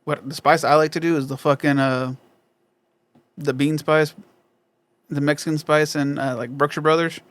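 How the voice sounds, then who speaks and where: A man's voice: on the high side, fairly even intonation, normal speed, long pauses, a bit bright. A man co-hosting a comedy podcast, swearing constantly and laughing a lot in crude casual banter, full of fillers. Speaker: podcast co-host.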